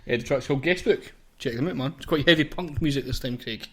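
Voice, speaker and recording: A man's voice: medium pitch, fast, gravelly, a bit bright, breathy edge. A young Scottish man hosting a podcast in casual, sweary chat, laughing often with his co-host. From Scotland.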